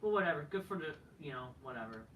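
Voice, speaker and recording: A man's voice: fairly high pitch, animated, fast, bright, forceful tone, echoey room, far from the mic, low-quality recording. A man reviewing a wrestling show in a casual, profane, dismissive rant that often trails off.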